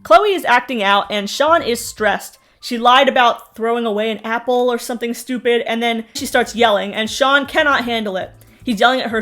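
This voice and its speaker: A woman's voice: on the high side, normal speed, fairly bright tone. A young woman giving snarky, sarcastic recap commentary on a reality show, with mocking asides. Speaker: TV recap host.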